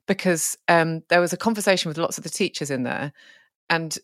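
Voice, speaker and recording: A woman's voice: low voice, brisk, a bit bright, no echo, clean studio sound. A woman hosting a podcast in casual chat, rambling and chatty with many fillers. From United Kingdom. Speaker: podcast host.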